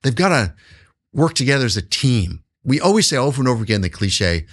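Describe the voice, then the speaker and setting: A man speaking as a guest in an interview. His pitch moves a lot, rising and falling as he stresses points, and he repeats key words to hammer them home. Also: big pitch swings, fairly quick. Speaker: guest, business founder. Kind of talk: interview answer.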